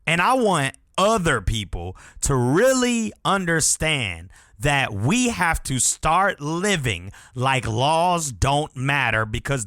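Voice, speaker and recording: A man's voice: fairly high pitch, bright, forceful tone, dry recording, clean studio sound. A man hosting a podcast, talking in a blunt, profane and emphatic way in a casual solo rant. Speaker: podcast host.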